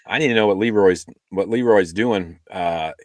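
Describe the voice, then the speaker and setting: A man's voice: sits low, moderate pace, no echo. A man co-hosting a podcast in casual chat, rambling with many fillers and restarts. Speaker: podcast co-host.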